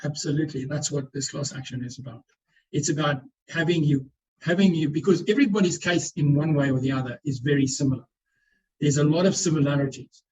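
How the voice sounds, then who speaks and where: On a video call, a man on a webinar panel answers questions earnestly, often restarting and repeating words as he explains. His voice is a little high, brisk, slightly mellow and husky, and the audio is poor.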